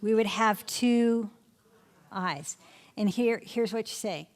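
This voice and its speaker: Middle-aged woman, spelling instructor, quizzing style, voice of medium pitch. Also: takes it slowly, pauses often. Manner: quizzing questions, answering them herself. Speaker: literacy instructor. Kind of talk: spelling lesson to an audience of teachers.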